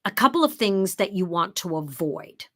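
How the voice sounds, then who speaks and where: A middle-aged woman leads an online workshop from her home office. She talks in a loose, chatty way, walking through her examples one step at a time. Now and then she slips into a crisp, emphatic broadcaster read to demonstrate. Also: medium pitch, sing-song, moderate pace, fairly bright tone. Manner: drops into emphatic, broadcaster-style read when showing the script. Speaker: workshop presenter.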